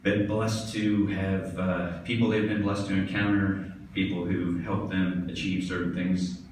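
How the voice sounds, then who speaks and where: A man's voice: deep voice, level tone, a little slow, slight background noise. A man giving a hall of fame acceptance speech, telling funny stories and laughing along with them. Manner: storytelling, laughing at his own jokes. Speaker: tennis pro giving an induction speech. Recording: distant echoey hall recording.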